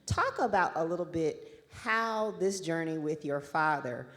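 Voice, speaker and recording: A woman's voice: sits low, animated, measured pace, fairly bright tone. A woman from the audience asking a panel a question politely, recorded in a large hall. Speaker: audience member, radio producer. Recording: reverberant hall.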